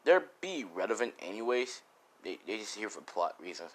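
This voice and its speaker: A man's voice: fairly low pitch, sing-song, normal speed, fairly bright tone. A man improvising a story in a casual, rambling, profane way. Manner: rambling, profane, laughs at own jokes.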